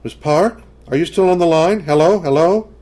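A man voicing a worried, sharp-tongued suburban mother with a tense, clipped way of speaking, raising his pitch for her. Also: moderate pace, natural voice. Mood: anxious.

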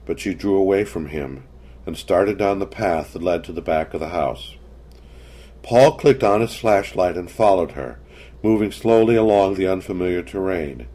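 A man narrating a story in a measured, scripted reading. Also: sits low, animated, warm tone.

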